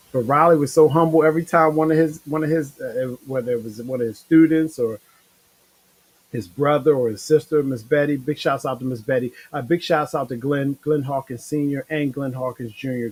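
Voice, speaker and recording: Tired, husky man rambling casually. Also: medium pitch, low-quality recording. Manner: rambling, laid-back, slangy with many fillers. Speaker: show host. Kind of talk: casual live-stream chat.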